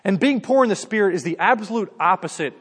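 A man's voice: high voice, animated, fast, slightly rough, in a large hall. A man preaching a sermon in a conversational way, calling his listeners "guys" and often saying "like". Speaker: pastor.

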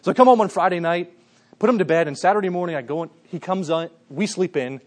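A man in his thirties delivers a sermon in an earnest, conversational way, talking straight to the congregation. His voice sits a little higher than most men's. He often sinks to a soft, hushed register while telling a story. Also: fast talker. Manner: earnest, conversational preaching with frequent "guys". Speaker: pastor.

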